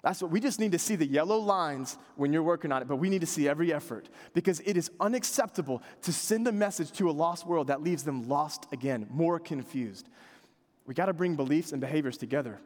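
Male preacher, thirties, animated conversational sermon, lively pitch, reverberant hall. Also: a little fast. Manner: animated, conversational preaching with quiet earnest asides. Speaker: pastor.

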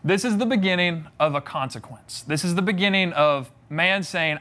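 A young man preaches in an easy, joking way, slipping into voices to act out the story. His voice sits high for a man. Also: normal speed, hardly any pauses, bright, forceful tone. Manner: conversational and humorous, acts out scripture voices. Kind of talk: sermon.

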